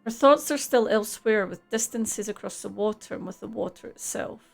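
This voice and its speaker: A woman's voice: mid-range voice, normal speed, creaky. A woman streaming a game live, chatting casually, laughing easily and reading the game's text aloud.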